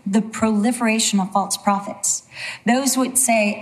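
A woman's voice: a little high, fairly even intonation, unhurried. A woman preacher giving a sermon, earnest and emphatic, with a lot of repetition.

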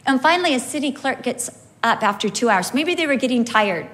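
Animated, slow-phrased woman preacher. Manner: animated, wide pitch swings, slow emphatic phrasing. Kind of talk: storytelling sermon.

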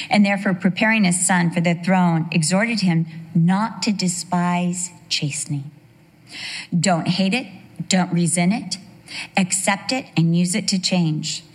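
A middle-aged woman teaching a sermon, telling personal stories and acting out quoted voices with humorous asides. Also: fairly low pitch. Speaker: women's Bible teacher.

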